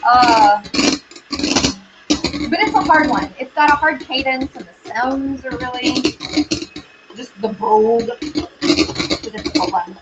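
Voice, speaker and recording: A woman's voice: high voice, unhurried, long pauses, very noisy. A woman hosting a casual baking stream from a home kitchen, chatting with viewers as she mixes. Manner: chatty, rambling, talks to viewers and pets. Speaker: baking show host. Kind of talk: casual livestream chat while baking.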